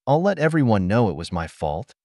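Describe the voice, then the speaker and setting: A man's voice: fairly low pitch, big pitch swings, fairly quick, darkish tone, dry recording, studio quality. A man reading a panicking guilty wife. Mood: pleading. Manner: pleading, flustered.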